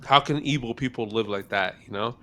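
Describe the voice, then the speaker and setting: A man hosting a casual podcast chat, musing aloud in a halting, hesitant way. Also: fairly low pitch, a bit bright. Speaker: podcast host.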